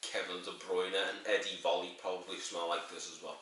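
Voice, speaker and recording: A man's voice: low voice, little pitch movement, a little fast, a bit bright, a little hiss or hum. A man reviewing a beer in a rambling, crude and jokey way, swearing as he goes. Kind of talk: casual sweary review monologue. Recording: very echoey room, mic at a distance.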